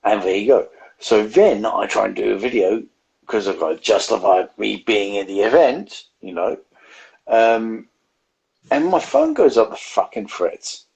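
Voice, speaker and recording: A man co-hosting a casual beer chat stream, rambling along with plenty of swearing. His voice is gravelly and rough, and his pitch rises and falls a lot as he talks. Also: sing-song, unhurried, a little mellow, poor audio. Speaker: beer review co-host.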